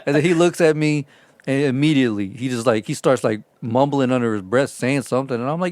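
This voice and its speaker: A man tells stories on a podcast in a loose, profane way. He gets louder and more animated when he acts out what people said. His voice sounds dry and close to the mic. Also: medium pitch, fast, no room sound. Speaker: podcast co-host. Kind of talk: casual storytelling chat.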